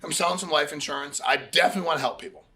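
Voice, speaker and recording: Fast, bright-voiced man giving a pitch. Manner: conversational, storytelling with quoted dialogue, repeats phrases. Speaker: agency head hosting a recruiting meeting. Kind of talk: casual motivational pitch.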